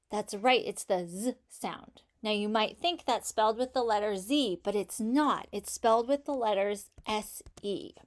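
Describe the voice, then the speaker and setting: Slow, patient woman teaching phonics. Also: mid-range voice. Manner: slow, patient, encouraging, sounding out each sound. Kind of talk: phonics lesson for children.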